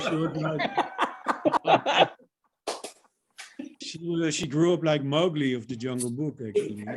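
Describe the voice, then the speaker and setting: A man's voice: a little high, slight background noise. A man from the Netherlands with a Dutch accent doing a stand-up set over a video call, joking and laughing at his own lines. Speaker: stand-up comic.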